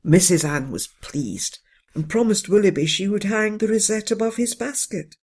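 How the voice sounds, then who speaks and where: Storyteller, bedtime story, gentle, steady, gravelly voice. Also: mid-range voice, normal speed. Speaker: narrator.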